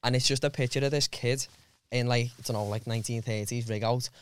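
A man's voice: mid-range voice, fairly even intonation, fairly quick, smooth. A young man with a Liverpool accent, co-hosting a podcast in casual, joking banter peppered with "lad.". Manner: swearing, joking, tells stories with lots of "lad". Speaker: podcast co-host.

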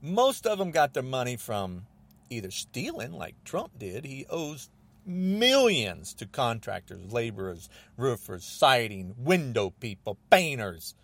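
An angry man hosting his own podcast, ranting about politics in an agitated, repetitive way, often rising almost to a shout. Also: mid-range voice, sing-song, unhurried. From United States. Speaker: podcast host.

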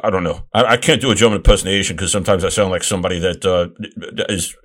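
A man's voice: deep voice, a bit bright. A man hosting a casual sports talk show, rambling and restarting his sentences. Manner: rambling, halting, many restarts. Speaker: host.

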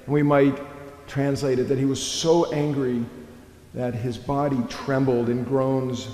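Male pastor, unhurried sermon delivery, reverberant church hall. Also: mid-range voice, steady tone, dark tone. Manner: slow, reflective storytelling with long pauses.

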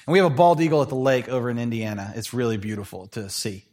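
A male pastor preaching a sermon in a conversational, animated way, telling stories with playful asides. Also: medium pitch, quick pace, hardly any pauses.

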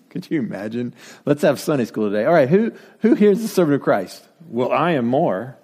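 A man's voice: fairly high pitch, very animated, fairly quick, mellow, breathy edge. A man from Denver preaching a sermon, full of rhetorical questions and dry asides. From Denver, United States. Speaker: pastor. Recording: long reverb from a hall.

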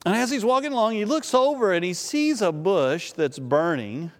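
A male pastor with a notably high speaking voice tells a scripture story from the pulpit, lively and conversational, often doubling words as he restarts. His voice rings out with a long tail of reverb from a large hall. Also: normal speed. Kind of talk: sermon.

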